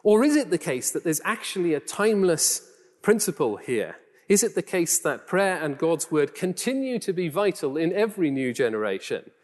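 Male preacher, softened Geordie accent, slightly higher voice, chatty sermon delivery, long hall reverb. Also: very animated, normal speed. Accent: Geordie, toned down. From Newcastle, England. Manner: conversational, rhetorical questions, self-deprecating asides.

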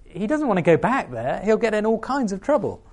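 A man's voice: high-pitched, very animated, a little fast. A man preaching a sermon, reading scripture aloud and asking the listeners questions.

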